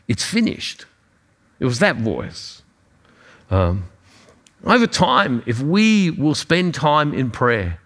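Male preacher, earnest sermon delivery, slightly high pitch, repeats words as he builds. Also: a bit bright.

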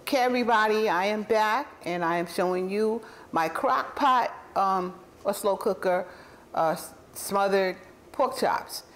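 A woman's voice: medium pitch, unhurried. A woman hosting a casual home-cooking video, chatty and rambling, often correcting herself mid-sentence and chuckling as she tastes the food. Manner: warmly enthusiastic about the food, chuckling. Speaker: cooking channel host.

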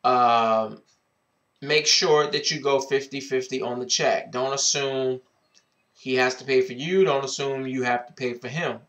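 A man talks into his webcam mic in a casual advice vlog, slow and unhurried. His voice sits at a middle pitch, and he is sassy and outspoken, swearing freely. He keeps coming back to a drawn-out greeting catchphrase. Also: steady tone, fairly bright tone. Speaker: advice vlogger.

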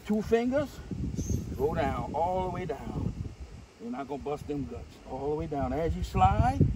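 A man with a Louisiana Cajun accent hosting a hands-on how-to demonstration, boisterous and full of slang. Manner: boisterous and slangy, says dude and boom a lot. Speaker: host. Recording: distant mic with loud outdoor noise.

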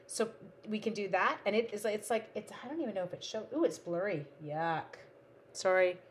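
A woman's voice: medium pitch, moderate pace, slight background noise. A woman from Canada hosting a live card-making stream, chatting playfully with viewers and talking to her supplies. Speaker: live-stream crafting host.

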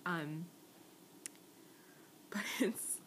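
A woman's voice: lowish voice, very slow, fairly bright tone, in a whisper. A young woman chatting in a casual video message to friends. She talks in a rambling, giggly, awkward way, recorded on a tablet's built-in mic. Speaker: vlogger.

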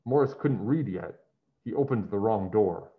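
A man's voice: on the low side, expressive, unhurried. A man reading a children's picture book aloud, adding friendly asides. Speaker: storybook reader. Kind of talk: children's story read-aloud. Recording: dull lo-fi sound.

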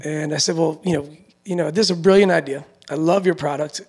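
Gravelly-voiced man telling his story. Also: on the high side, a little fast. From Florida. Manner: relaxed storytelling with many fillers. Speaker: guest, roller dealer. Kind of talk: casual interview chat.

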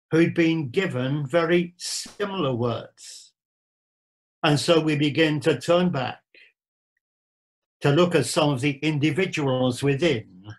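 A man preaching a sermon, explaining a Bible verse in a measured, deliberate way with emphatic repetitions. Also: on the high side, low-quality recording.

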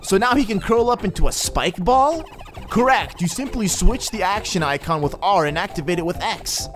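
A man's voice: sits high, expressive, moderate pace, fairly bright tone, slight background noise, pitched above the performer's own voice. A man voicing a fussy old male mushroom butler with a put-on Indian accent, reading game dialogue in a formal, sing-song way. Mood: explaining.

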